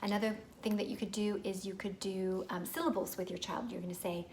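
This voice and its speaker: A woman's voice: medium pitch, fairly even intonation, fast, few pauses, darkish tone, a little hiss or hum. Patient woman teaching reading to parents. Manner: clear, patient, modeling sounds for children. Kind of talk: instructional video for parents.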